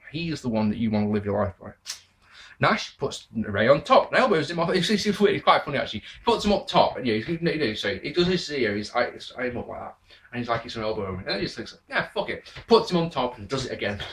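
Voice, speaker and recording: A man with a fairly high voice narrates his review in a casual, sarcastic way. His pitch swings widely as he mocks the action, and he swears freely. It sounds like a relaxed, unscripted podcast recap. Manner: sarcastic, swears, laughs at the matches. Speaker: wrestling review podcast host.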